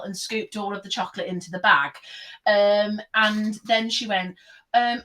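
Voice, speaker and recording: Animated woman telling a laughing story. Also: medium pitch, a little slow, low-quality recording. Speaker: teacher and podcast co-host. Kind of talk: casual group chat, storytelling.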